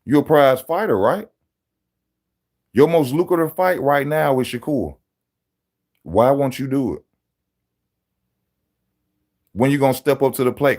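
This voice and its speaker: A man hosting a live boxing channel stream, talking straight to his viewers in loud street-style banter, mocking and teasing. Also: mid-range voice, expressive, moderate pace, pauses often.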